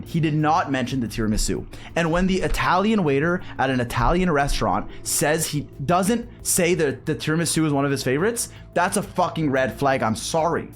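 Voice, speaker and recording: A young man from Canada telling a rambling story while gaming on stream, swearing freely and animated. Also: on the high side, normal speed, few pauses, faint music behind. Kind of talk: casual gaming stream chat.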